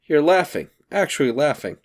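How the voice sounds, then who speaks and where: A man's voice: on the high side, expressive, normal speed, voice pushed up. A man reading aloud, voicing a grasping middle-aged husband with a sardonic edge.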